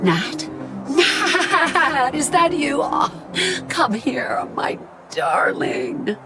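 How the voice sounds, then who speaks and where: A slow, tender older mother. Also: high voice, big pitch swings, heavily acted. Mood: overjoyed. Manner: warm, slow, comforting. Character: tender elderly mother, loving and calm. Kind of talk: game cutscene voice acting. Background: game music.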